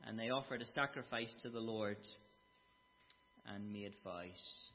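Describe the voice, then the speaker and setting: A man's voice: mid-range voice, animated, a little slow. A man preaching a sermon, explaining a Bible passage with emphatic, dramatic quotes. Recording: dull sound with long hall reverb.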